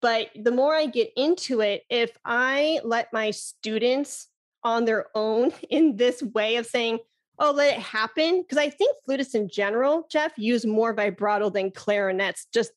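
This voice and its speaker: A woman flute teacher, a guest in a casual interview, who talks with enthusiasm, laughs easily and demonstrates breathy "ha" sounds. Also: on the high side, a little slow.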